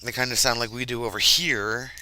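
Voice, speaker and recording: A man's voice: mid-range voice, steady tone, brisk, bright, forceful tone, slight background noise. An American man from the mid-Atlantic region, hosting a casual chat in an easygoing, rambling way. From United States, mid-Atlantic region. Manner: easygoing, rambling, laughs often. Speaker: host.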